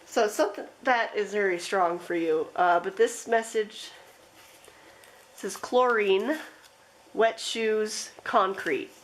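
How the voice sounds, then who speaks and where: A woman giving a pick-a-card tarot reading, talking in a gentle, rambling way with lots of fillers. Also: mid-range voice, slow pace, rough recording. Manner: rambling, gentle, with frequent fillers and soft laughs. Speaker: tarot reader.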